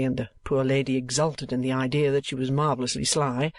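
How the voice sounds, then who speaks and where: A man reading a classic novel aloud as an audiobook narrator, in a measured, expressive way. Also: medium pitch, vocal fry, no room sound.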